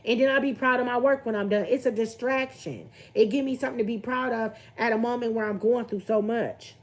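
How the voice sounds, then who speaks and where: A woman's voice: on the high side, steady tone, brisk. A young woman, venting candidly on her livestream and greeting viewers as she talks. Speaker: vlogger on a livestream.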